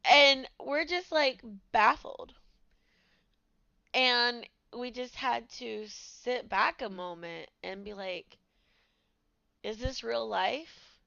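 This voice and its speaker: Slow-talking woman with a gravelly voice. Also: on the high side, sharp tone, dry recording, highs cut off. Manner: candid, conversational, with many fillers. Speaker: podcast host. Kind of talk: personal storytelling.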